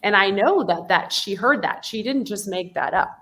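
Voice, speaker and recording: A woman's voice: medium pitch, lively intonation, normal speed, fairly bright tone. A woman hosting an interview, telling personal stories in an earnest, conversational way. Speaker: podcast host.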